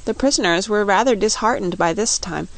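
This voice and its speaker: A woman narrating a children's fantasy book in a steady, clear reading voice. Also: mid-range voice, brisk. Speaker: audiobook narrator. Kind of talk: scripted storybook narration.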